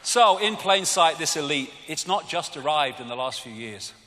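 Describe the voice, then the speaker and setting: A British man giving a live arena talk, animated and mocking, often swearing. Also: fairly high pitch, moderate pace, a little hiss or hum. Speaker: public speaker. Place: large arena. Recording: arena reverb with faint crowd.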